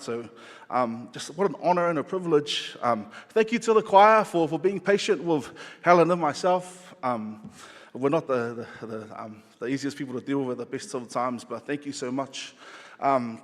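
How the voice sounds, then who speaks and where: A man giving a halting, emotional acceptance speech, choked up and self-deprecating. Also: fairly high pitch. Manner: halting, teary, self-deprecating, many ums. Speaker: award recipient, choir director. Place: large awards venue. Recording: long hall reverb.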